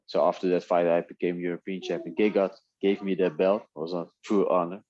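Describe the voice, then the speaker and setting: A man whose first language is Dutch, telling stories in a relaxed way in a casual interview, often laughing. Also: low voice, brisk, muffled recording. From Netherlands. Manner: relaxed storytelling with frequent laughs and restarts. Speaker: guest, MMA fighter.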